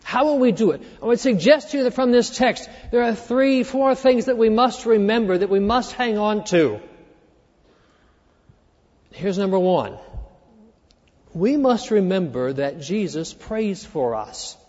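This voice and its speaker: A man preaching a sermon, earnestly walking through a scripture passage and dropping quieter when he quotes it. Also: extremely high pitch, expressive, moderate pace. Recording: dull reverberant hall sound.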